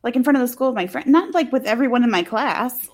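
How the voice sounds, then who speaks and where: Fast and expressive, this woman's fairly high voice carries her movie recap as co-host of a laid-back talk show podcast. The talk is sarcastic and chatty, heavy on fillers and sprinkled with the odd curse.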